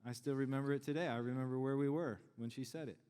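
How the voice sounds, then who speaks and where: A man's voice: fairly even intonation, fast, warm tone, clean tone. A middle-aged man, preaching a sermon in a conversational, joking way to his congregation. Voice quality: deep voice. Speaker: pastor. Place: large church sanctuary. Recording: long church hall reverb.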